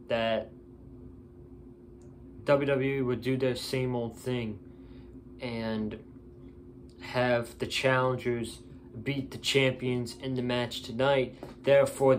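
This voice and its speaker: A man's voice: medium pitch, a little hiss or hum. A tired man giving a casual, opinionated wrestling show review, blunt and ranting.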